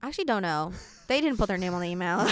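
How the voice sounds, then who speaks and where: A teenage girl hosting a podcast, telling stories in a quick, animated, laughing way. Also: mid-range voice, dry recording. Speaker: podcast host. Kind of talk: casual chat.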